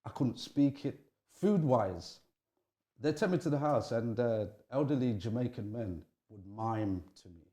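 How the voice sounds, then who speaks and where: Mellow-voiced man telling his story. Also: unhurried. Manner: animated, rising pitch when excited, frequent restarts. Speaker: interview guest, criminologist. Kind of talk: candid interview storytelling.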